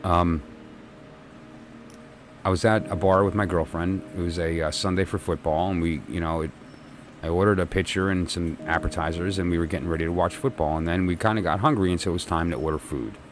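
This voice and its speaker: A man's voice: low-pitched, fairly even intonation, a little fast, background noise. A middle-aged man, a tarot reader, telling a personal story in a reflective, meandering monologue with many restarts and fillers. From New York.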